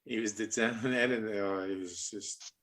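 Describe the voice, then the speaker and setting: A man hosting a podcast, reminiscing fondly in casual chat, speaking in halting phrases. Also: fairly low pitch, fairly even intonation, fairly bright tone. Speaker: podcast host.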